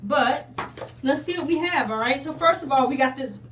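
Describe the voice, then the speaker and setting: A woman's voice: sits high, moderate pace, fairly bright tone, echoey room, distant mic, a little hiss or hum. A woman in a casual unboxing video, chatting to her viewers and calling them y'all. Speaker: unboxing vlogger.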